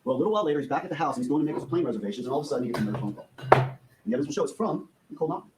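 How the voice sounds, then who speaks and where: A man delivering a prosecutor's opening statement in court, laying out evidence to a jury and briskly acting out the quoted dialogue. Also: a little high, very noisy.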